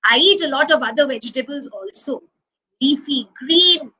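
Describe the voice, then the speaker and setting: A woman's voice: high-pitched, lively intonation, moderate pace, pushed and bright, rough recording. A woman voicing a cheerful, sensible male rabbit in a children's story, reassuring and coaxing.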